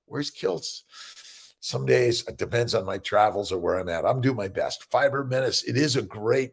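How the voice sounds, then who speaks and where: Gravelly upbeat man hosting a livestream. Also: medium pitch. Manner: rambling, upbeat, reads viewer names with many "uh"s and "right?". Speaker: livestream host. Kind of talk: casual morning livestream chat.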